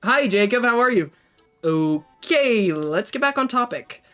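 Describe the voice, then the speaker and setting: A woman's voice: a little high, expressive, measured pace, fairly bright tone. A woman streamer reading a story game aloud and making wry, chatty asides to her viewers.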